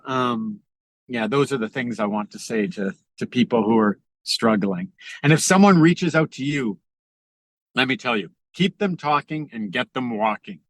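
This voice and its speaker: A middle-aged man talks earnestly over a video call, pausing and restarting often as he works through his thoughts. His voice sits at an ordinary pitch and the sound is dry and close. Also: a bit bright, no echo. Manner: earnest, halting, with frequent fillers and restarts. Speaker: podcast guest, author. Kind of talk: reflective conversational talk.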